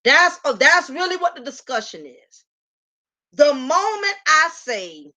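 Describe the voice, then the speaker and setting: A woman's voice: sits high, lively intonation, a little slow, pushed and bright. A woman hosting a casual commentary, talking emphatically, repeating herself and calling on viewers by name. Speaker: commentary channel host.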